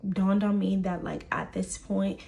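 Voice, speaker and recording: Give me a woman with some vocal fry telling a personal story with emphasis. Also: mid-range voice, flat delivery, unhurried, mellow, faint music behind. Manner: emphatic, repeats words for stress. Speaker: storyteller in a shared clip. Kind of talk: personal story told to camera.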